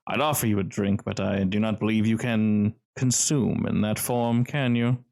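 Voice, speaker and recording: A man doing a smooth, cagey gentleman. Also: on the low side. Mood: smooth, guarded. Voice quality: smooth, velvety. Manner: calm, measured, cagey. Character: tall, distinguished, guarded man in a cellar hideout.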